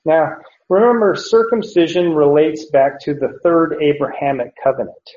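Male Bible teacher, unhurried and mellow, lo-fi recording. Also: a little high. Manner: slow, deliberate explanation with frequent "uh" and self-corrections. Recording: roomy, dull lo-fi recording.

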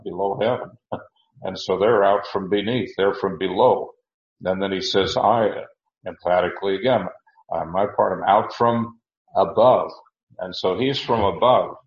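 A man teaching a verse-by-verse sermon, halting with many restarts and slowing to stress key words. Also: low-pitched, roomy sound, highs cut off. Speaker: Bible teacher.

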